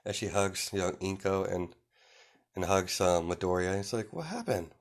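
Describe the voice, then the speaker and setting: A man's voice: low voice, level tone, moderate pace, smooth. A man narrating an improvised fan story, rambling with many fillers and self-corrections.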